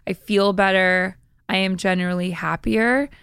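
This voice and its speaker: A woman's voice: medium pitch, steady tone, moderate pace, fairly bright tone, clear, resonant tone, no room sound. A woman talking as a podcast guest in a casual chat. She sounds upbeat and reflective and fills her speech with "like". The recording is dry and close-miked. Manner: upbeat, reflective, says "like" a lot.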